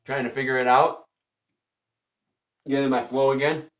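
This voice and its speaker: A man's voice: medium pitch, flat delivery, moderate pace, a bit bright. A man hosting a tarot livestream in casual chat, repeating himself and greeting viewers by name.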